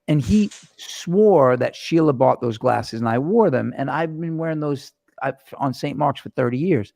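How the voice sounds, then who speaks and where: A man hosts a loose chat, his voice gravelly with fry and picked up dry and close. He rambles from story to story, animated and profane, at a middling pitch. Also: moderate pace, hardly any pauses, no echo. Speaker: host. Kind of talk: casual chat. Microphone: webcam or phone camera mic.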